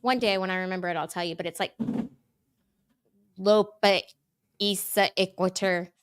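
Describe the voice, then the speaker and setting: A woman's voice: on the low side, very fast, a bit bright, clear, resonant tone, no echo. A woman hosting a livestream, chatting casually and rambling with lots of "like". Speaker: YouTube livestream host. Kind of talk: casual chat.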